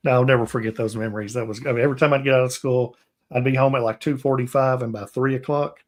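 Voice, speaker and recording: A man's voice: mid-range voice, fairly even intonation, fast talker. A man from Tennessee with a Southern US accent, hosting a casual livestream interview, rambling and laughing often. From Tennessee, USA. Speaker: livestream host.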